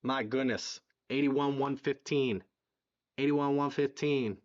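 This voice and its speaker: Philly-male stream host, excitable, repeats lines, slightly muffled audio. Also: mid-range voice, slow. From southeastern Pennsylvania. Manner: excitable, repeats himself, reads donations aloud. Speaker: livestream fundraiser host. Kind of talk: live stream chat.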